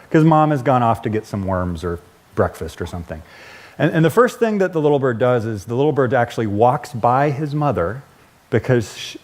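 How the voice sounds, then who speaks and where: A man's voice: fairly high pitch, a little mellow. A male pastor giving a casual, conversational sermon, chuckling and correcting himself as he goes.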